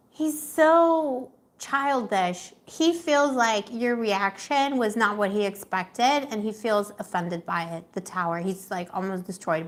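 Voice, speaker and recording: A young woman doing a live tarot reading in a casual, chatty way, laughing often and talking with lots of fillers. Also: medium pitch. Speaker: tarot reader.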